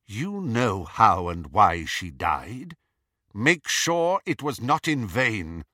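A man reading an old wizard headmaster in an audiobook, speaking in a measured, cool and deliberate way. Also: fairly low pitch, big pitch swings, sharp tone, no room sound, clean studio sound, full character voice. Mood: stern. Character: old wizard headmaster, calm, cold, probing.

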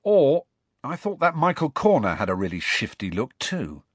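A man's voice: mid-range voice, wildly swooping pitch, normal speed, breathy edge, no echo, pitched above the performer's own voice. A man doing a blunt, indignant teenage boy. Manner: blunt, eager and easily indignant.

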